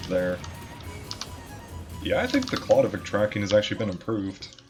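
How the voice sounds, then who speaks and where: A man with a fairly low voice talks his way through a game, relaxed and chatty, now and then swearing or poking fun at himself. Loud game music and some keyboard clatter sit behind him. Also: moderate pace, rough recording. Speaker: gamer. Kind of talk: casual gameplay commentary. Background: game music and keyboard typing.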